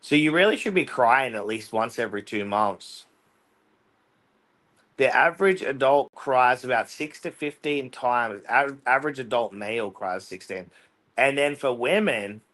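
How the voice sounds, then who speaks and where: A man's voice: medium pitch, fairly bright tone. A man hosting a casual online panel chat, asking curious questions over a video call. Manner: curious, asks lots of questions. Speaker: podcast host.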